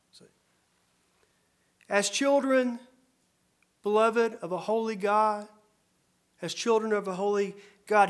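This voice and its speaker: A pastor with a high voice preaches a sermon, earnest and repeating phrases for emphasis. He drops to soft murmurs and then rises to loud, emphatic cries.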